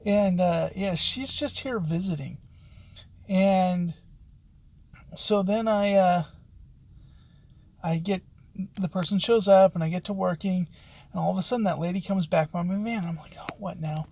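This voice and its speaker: Locksmith, casual anecdote, rambling, halting, restarts, mid-pitched voice. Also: darkish tone, no room sound.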